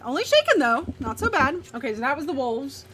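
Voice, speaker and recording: A woman with a bright, fairly high voice runs a tabletop game as game master. She talks quickly between dice rolls and laughs often. A faint hiss of background noise sits under her voice. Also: sing-song.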